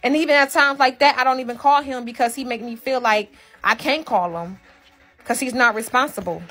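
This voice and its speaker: A woman's voice: on the high side, fairly quick, a bit bright. A woman venting emotionally to her live-stream audience, emphatic and profane, circling back over the same points. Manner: emphatic, profane, repeats herself.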